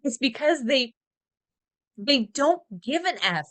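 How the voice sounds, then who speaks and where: Female podcast co-host, slightly high voice, indignant and emphatic delivery. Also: sing-song, slow pace, fairly bright tone. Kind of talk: casual movie review chat.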